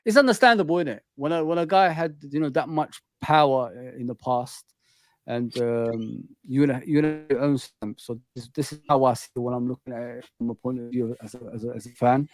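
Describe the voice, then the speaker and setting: A man's voice: medium pitch, fairly quick, no echo. Male host, casual football talk, slang-heavy, dry sound. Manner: chatty, says "man" and "bro" a lot.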